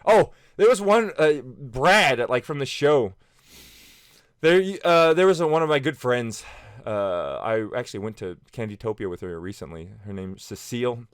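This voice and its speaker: A man's voice: mid-range voice, expressive, moderate pace, clean tone, dry recording, studio quality. A man in his thirties telling personal stories casually to camera, rambling with many fillers and restarts. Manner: acts out friends' lines in quoted voices. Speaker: vlogger.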